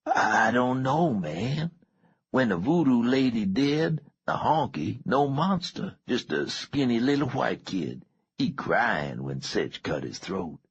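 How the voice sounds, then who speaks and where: A man reading as a boastful teenage gang boy with an injured throat, talking in husky street slang. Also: medium pitch, very animated, takes it slowly, no room sound, pitched above the performer's own voice, exaggerated voice. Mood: uneasy. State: sore throat. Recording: dull lo-fi recording.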